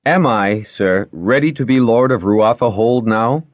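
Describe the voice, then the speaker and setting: A man's voice: medium pitch, measured pace, no room sound, muffled recording, pitched above the performer's own voice, close to an everyday voice. A man reading aloud and voicing a keen, earnest young lord who presses his questions.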